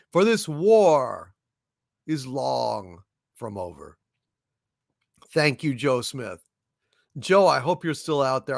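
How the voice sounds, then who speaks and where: A man's voice: mid-range voice, gravelly, a bit bright, dry recording, clean studio sound. A man hosting a live stream, thanking viewers and reading out their donation messages in a grandiose, rambling way with many repeated words. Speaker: channel host.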